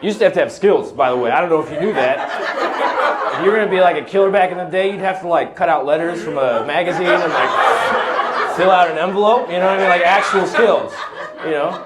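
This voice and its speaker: Laid-back thirty-something comedian in a noisy club. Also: male voice, high-pitched, a little fast. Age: 30s. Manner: casual, laughing between lines, loose rambling delivery. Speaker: stand-up comedian. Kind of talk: stand-up comedy set. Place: comedy club stage with audience laughter.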